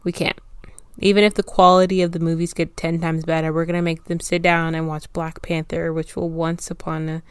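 A woman's voice: sits low, flat delivery, fairly quick, clean tone, dry recording. A young woman hosting a solo podcast, talking casually and rambling, often correcting herself mid-sentence. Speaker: podcast host.

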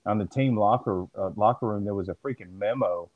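Blunt low-voiced man in a dry recording. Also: a little fast, no room sound, phone-quality sound. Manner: blunt, disgusted ranting with swearing. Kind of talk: casual chat.

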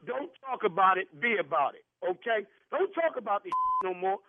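A man's voice: sits high, sing-song, moderate pace, no room sound. A man on a phone call, arguing defensively in heavy slang. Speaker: caller. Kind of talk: heated phone argument. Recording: tinny phone line.

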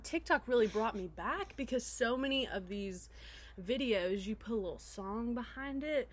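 Young adult woman, podcast co-host, slightly high pitch, giggly and loose with fillers. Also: lively intonation, moderate pace. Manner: laughs a lot, many fillers. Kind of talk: casual chat.

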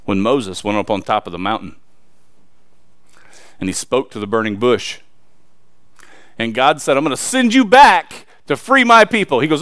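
A man preaching a sermon, reading scripture and then talking it through in a casual, emphatic way with sudden loud peaks and quiet asides. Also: mid-range voice, expressive, moderate pace, pauses often, no echo. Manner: reads scripture aloud then preaches conversationally with slang.

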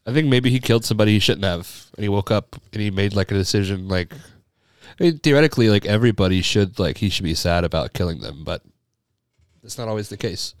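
A man's voice: fairly low pitch, fast, no echo. A young man co-hosting a podcast, jokey and laid-back in casual chat. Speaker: podcast co-host.

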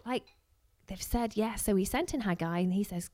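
A woman's voice: medium pitch, animated, moderate pace, few pauses, a little mellow. A woman giving a casual, chatty sermon, acting out quotes and dropping in asides. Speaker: preacher.

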